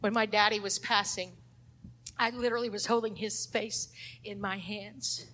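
A middle-aged woman, teaching an adult Sunday school lesson in a fervent preaching style. She swings between emphatic declarations and hushed passages. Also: medium pitch, steady tone, normal speed.

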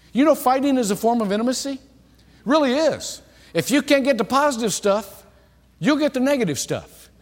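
Middle-aged pastor preaching, lively storytelling voice, big churchy reverb. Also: male voice, extremely high pitch. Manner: animated storytelling, acts out quoted dialogue. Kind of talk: sermon. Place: church sanctuary. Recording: long hall reverb.

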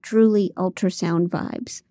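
A woman's voice: lowish voice, fairly even intonation, slow, warm tone, no room sound. A woman narrating a first-person audiobook in a dry, comic way on a close studio mic.

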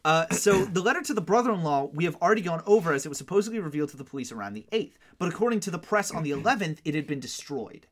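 Podcast co-host, wry and relaxed, reads news clippings aloud, pitch swinging up and down. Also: rapid-fire, hardly any pauses. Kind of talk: casual chat, reading news articles aloud.

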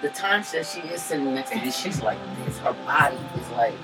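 A woman co-hosting a podcast, telling a personal story in a loose, profane, animated way and laughing often. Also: a bass voice, a little fast, recorded from a distance, over music, low-quality recording. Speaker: podcast co-host. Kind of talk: casual storytelling chat.

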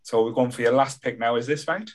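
A man hosting a casual podcast chat, relaxed and affirming, chuckling often. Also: mid-range voice, fast. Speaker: podcast host.

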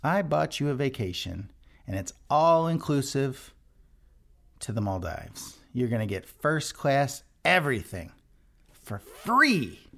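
Guy doing a carefree rich dude, offhand, kinda gravelly. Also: mid-range voice, very animated, takes it slowly, a bit bright, full character voice. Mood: generous. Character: breezy generous rich man.

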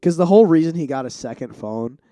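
A man's voice: a little high, animated, fast, warm tone, no room sound. A young man co-hosting a podcast in casual, joking chat, laughing often. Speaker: podcast co-host.

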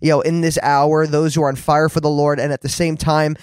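A man's voice: a little high, level tone, brisk, clean tone, dry recording, clean studio sound. A man hosting a casual faith conversation, talking earnestly with frequent restarts. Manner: earnest, many restarts and fillers.

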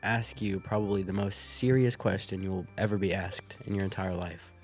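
Young man asking measured interview questions. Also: deep voice, steady tone, soft background music. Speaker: podcast co-host. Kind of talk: casual interview chat.

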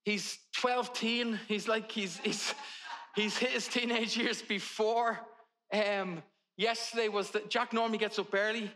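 A man's voice: sits high, steady tone, unhurried, bright, forceful tone. A man, a pastor preaching a sermon in a conversational way with humorous family stories.

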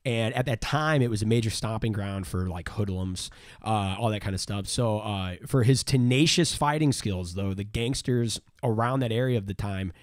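A man's voice: lowish voice, normal speed, dry recording, clean studio sound. Rambling male podcast host. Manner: rambling, many fillers and restarts. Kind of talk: casual history chat.

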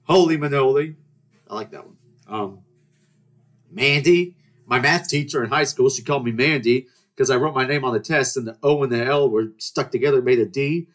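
A man's voice: medium pitch, normal speed. Rambling young man telling stories. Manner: rambling, joking, with restarts and mock-outraged rants. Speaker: podcast host. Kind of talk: casual storytelling monologue.

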